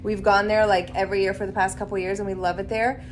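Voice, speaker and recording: A woman's voice: medium pitch, little pitch movement, quick pace, a little hiss or hum. A woman in her thirties talking casually in a road trip vlog, chatty and reflective with lots of "like". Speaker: vlogger. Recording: music playing underneath.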